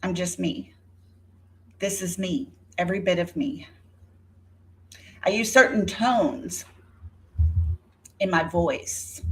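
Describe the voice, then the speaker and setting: With a creaky voice on the low side, a woman in her fifties uses her YouTube vlog to fire back at a rival, naming her outright. Her rebuttal to viewers is indignant and dripping with sarcasm.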